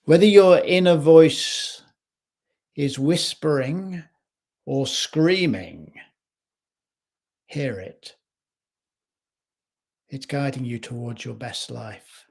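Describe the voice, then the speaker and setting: Male life coach, reflective talk to camera, slow measured delivery, home kitchen. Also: medium pitch, gravelly, darkish tone.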